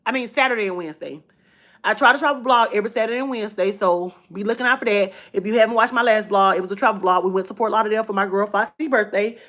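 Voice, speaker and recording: A woman hosting her own livestream, telling a personal story in a lively, casual way, repeating phrases for emphasis. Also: medium pitch, rapid-fire. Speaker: livestream host.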